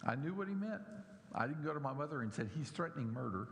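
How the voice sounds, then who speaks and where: A man's voice: a little high, expressive, quick pace, a bit bright, in a large hall, a little hiss or hum. A middle-aged man preaching a sermon in a church, animatedly mocking the scoffers in his story.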